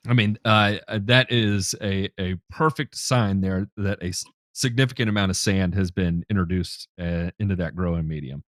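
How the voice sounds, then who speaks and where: A man's voice: low-pitched, moderate pace, few pauses, dry recording, studio quality. A man hosting a casual podcast, upbeat, asking questions and reading through results. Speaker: podcast host.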